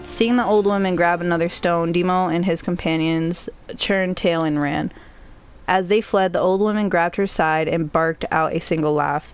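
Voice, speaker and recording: A woman streamer reads a novel aloud in a casual, easygoing way, dropping in joking asides. Her voice sits somewhat low. Soft music plays faintly behind her. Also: steady tone, normal speed, clear, resonant tone.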